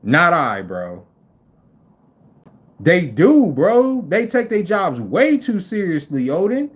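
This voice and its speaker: A man in his forties rants through a story on his livestream, profane and incredulous. His voice sits high and swings widely from line to line. He slips into quick impressions of the people he describes. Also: wildly swooping pitch. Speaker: livestream host. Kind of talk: casual storytelling rant.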